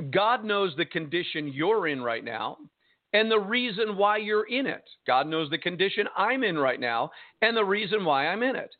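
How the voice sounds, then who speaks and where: Emphatic radio preacher, high voice, thin phone-line sound. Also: male voice. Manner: emphatic, drawn-out preaching with rhetorical questions. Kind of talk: radio sermon. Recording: tinny phone-line broadcast.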